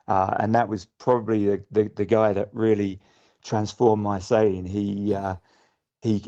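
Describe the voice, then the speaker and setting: A middle-aged man from the UK appears as a guest sailor on a casual podcast, speaking thoughtfully but with frequent restarts and fillers. His voice is on the low side and warm, captured in muffled lo-fi audio.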